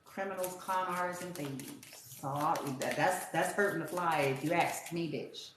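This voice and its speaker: A woman's voice: on the low side, normal speed. A woman giving a casual tarot reading in a blunt, profane, rambling rant. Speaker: tarot reader. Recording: very echoey room with faint hiss.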